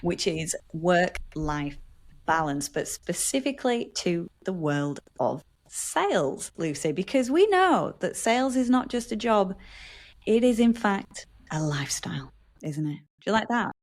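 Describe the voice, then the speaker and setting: A woman's voice: mid-range voice, very animated, a little slow, darkish tone. A woman from Yorkshire with a Yorkshire accent, co-hosting a podcast in a bubbly, playful chat. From Yorkshire, England. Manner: bubbly, playful, mimics voices. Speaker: podcast co-host. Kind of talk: casual chat.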